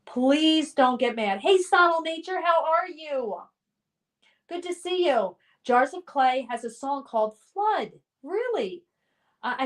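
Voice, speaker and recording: A middle-aged woman hosting a livestream from home, reading viewers' chat comments aloud and running a guessing game. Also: high-pitched. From Colorado. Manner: reads out chat messages and hosts a guessing game. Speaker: livestream host.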